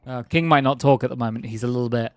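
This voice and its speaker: A man's voice: mid-range voice, fast, smooth, dry recording, soft background music. A man streaming a video game, joking casually with friends on voice chat. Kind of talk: casual gaming livestream chat.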